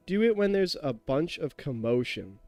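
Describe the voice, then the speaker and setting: A tipsy young man in his twenties chats loosely on a game stream, his voice sitting a bit high for a man. He rambles, restarts sentences and laughs often as he talks to chat, and the sound is close and dry with no room echo. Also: sing-song, normal speed, a little mellow, soft background music. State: tipsy from drinking. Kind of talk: casual live-stream chat while gaming.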